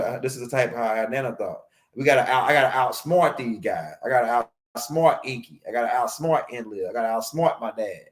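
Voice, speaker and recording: A man giving a casual, rambling lecture on a livestream, repeating himself and using street slang. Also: mid-range voice. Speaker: host of a spiritual teaching stream.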